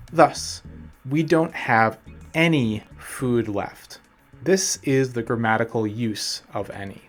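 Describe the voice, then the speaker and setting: A man teaching a scripted English lesson as a coach, speaking slowly and deliberately as he reads out example sentences. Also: medium pitch. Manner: slow, deliberate delivery with example sentences read out.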